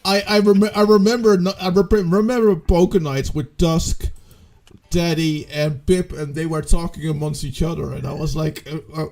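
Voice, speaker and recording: Man, high voice, teasing, stumbling restarts, casual chat. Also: steady tone, moderate pace, creaky, a little mellow.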